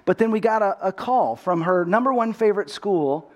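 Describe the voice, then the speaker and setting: A middle-aged male pastor from Texas delivers a sermon in a noticeably high voice. He tells his story earnestly and often repeats the first word of a phrase as he goes. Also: expressive, moderate pace.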